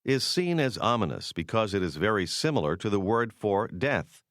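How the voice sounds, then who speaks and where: A man with a very low voice narrates a language lesson in a measured, explanatory way. His pitch moves a lot as he explains, and the recording is dry and close. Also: sing-song, a bit bright, no room sound. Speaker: course narrator. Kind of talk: scripted language-course narration.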